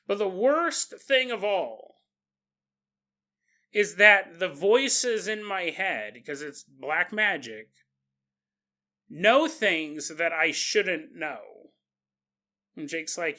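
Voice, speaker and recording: A man's voice: high-pitched, lively intonation, slow, long pauses, pushed and bright. A man hosting a paranormal podcast, retelling a strange story with comedy, laughing often and slipping into mock voices for the people in it. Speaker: podcast host.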